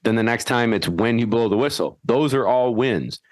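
A man hosting a podcast and explaining dog training in a folksy, animated way, acting out his whistle commands. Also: medium pitch, normal speed, dry recording. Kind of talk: casual instructional chat.

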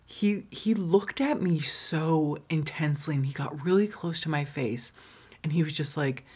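Speaking unhurriedly in a low, darkish, slightly rough voice, a woman hosts her own podcast. She shares candid, profane anecdotes, leaning heavily on "like," laughing a lot, and restarting sentences that trail off.

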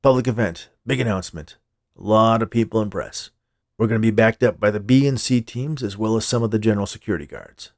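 Male narrator as a clipped, matter-of-fact team leader in a storybook; low and gravelly. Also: fast talker, no echo, studio quality, close to an everyday voice. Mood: brisk.

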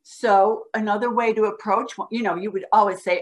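A woman guest on a podcast, patiently explaining how to teach a child to read, sounding out words slowly as she demonstrates. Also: mid-range voice. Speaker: guest reading educator. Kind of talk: instructional podcast talk.

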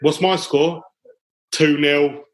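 A man's voice: a little high, fairly even intonation, slow pace, poor audio. Chatty English podcast host man. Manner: chatty, laughing, ends phrases with "mate" and "chaps". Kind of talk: casual football podcast chat.

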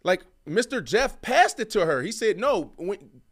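An animated male sports podcast co-host in his thirties, a former receiver who argues hard and swings between loud pushes and quiet asides. His voice sits a little high for a man. The talk is casual and full of rhetorical questions. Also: moderate pace.

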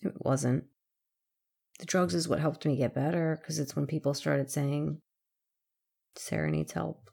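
A woman frankly telling her own story, halting and candid, with occasional swearing. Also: deep voice, steady tone, creaky, warm tone, husky. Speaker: interviewee in recovery. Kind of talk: emotional personal storytelling.

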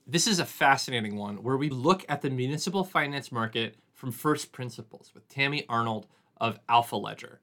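Brief: male podcast host, chatty and jokey, bright tone with some fry. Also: mid-range voice, a little fast, few pauses. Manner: chatty, filler-heavy, jokey asides. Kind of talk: casual podcast intro.

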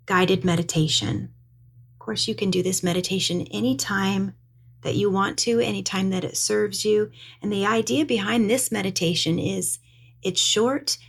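A woman hosting a spiritual podcast, guiding listeners through a meditation and softly repeating mantras. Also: mid-range voice, gravelly. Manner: slow, soothing, repeats mantras. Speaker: psychic medium and podcast host. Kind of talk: guided meditation.

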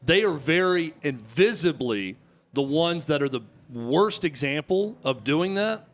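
A man's voice: on the high side, animated, a little slow. A man co-hosting a sports talk radio show, arguing his point with emphatic, repeated rhetorical questions. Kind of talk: opinionated talk radio commentary.

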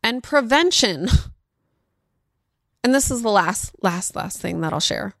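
A woman's voice: medium pitch, lively intonation, slow, vocal fry, fairly bright tone, no room sound, studio quality. A woman hosting a podcast, talking on her own in an earnest, emotional way and speeding up when she retells tense moments. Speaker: podcast host. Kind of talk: reflective solo talk.

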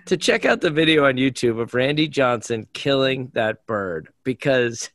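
A man's voice: mid-range voice, expressive, moderate pace, a bit bright, dry recording. A man co-hosting a podcast, eagerly asking his co-hosts quiz questions in casual chat. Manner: playful, eager quizmaster. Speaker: podcast co-host running a quiz.

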